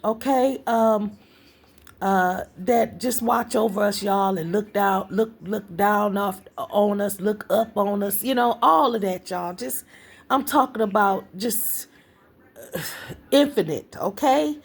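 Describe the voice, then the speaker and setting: A woman with a husky, breathy voice gives a casual spiritual message straight to her viewers. She talks in a chatty, rambling way, repeats herself, and keeps calling out to the crowd she is addressing. Her pitch sits in an ordinary middle range. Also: slow pace. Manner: rambling, restarts often. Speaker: spiritual reader.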